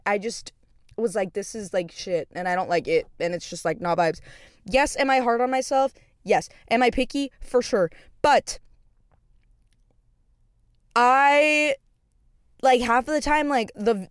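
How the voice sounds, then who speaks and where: A woman's voice: a little high, smooth, no room sound, studio quality. A young adult woman hosting a podcast in a casual, rambling monologue, full of profanity and fillers, and telling stories expressively. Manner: expressive storyteller. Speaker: podcast host.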